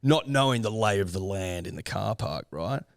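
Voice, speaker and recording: A young Australian man co-hosting a podcast tells a rambling story in casual chat, swearing freely and acting out what people said. His voice is fairly low and creaky, at a moderate pace, with clean studio sound and no room echo.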